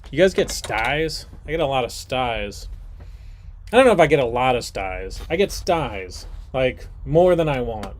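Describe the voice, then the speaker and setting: Lively, jokey male trivia host. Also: medium pitch, a little slow, a little hiss or hum. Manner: jokey, rambling asides, animated. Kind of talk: livestreamed trivia hosting.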